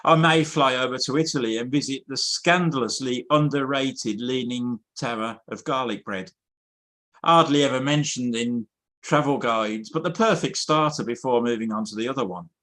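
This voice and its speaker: A man chatting casually, then reading a comic poem deadpan at an online open mic over a video call. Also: medium pitch, moderate pace. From England. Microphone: home computer mic on a video call.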